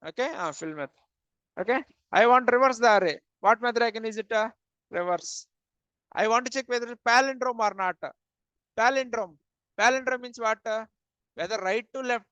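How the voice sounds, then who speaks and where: In a dull, dry lo-fi recording, a programming instructor leads a live coding session, quizzing students, responding to them, and frequently saying "okay." The voice is medium in pitch, fairly quick, and a little bright. Plain, repetitive phrasing is peppered with many "uh" fillers.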